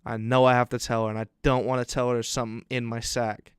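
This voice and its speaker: A young man co-hosting a podcast, telling an animated, profane story in casual chat and laughing along as he goes. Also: medium pitch, quick pace, clear, resonant tone, no echo, clean studio sound. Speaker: podcast co-host.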